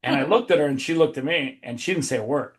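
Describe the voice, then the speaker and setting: Fast and fairly high-pitched, this man hosts a laid-back podcast where he tells meandering stories, cutting himself off to restart and breaking into laughter mid-tale.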